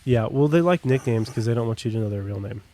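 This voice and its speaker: A man's voice: medium pitch, expressive, fast talker, mellow, a little hiss or hum. A young American man on a podcast, telling his own story in a casual, rambling way with lots of fillers and asides. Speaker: podcast guest.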